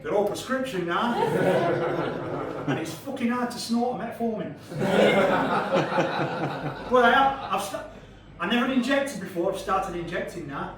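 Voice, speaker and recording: Sweary Yorkshire comic, high voice. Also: male voice, lively intonation, unhurried, pauses often, loud music behind the voice. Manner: brash, sweary, crowd-teasing storytelling. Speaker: stand-up comedian. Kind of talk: stand-up comedy set. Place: comedy club stage. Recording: echoey club, far from the mic, audience laughter.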